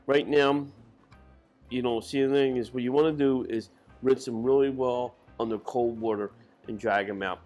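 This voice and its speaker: A man giving a casual cooking demonstration in a kitchen, rambling and correcting himself as he goes. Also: mid-range voice. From Irish family. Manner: rambling, self-correcting, folksy. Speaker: cook.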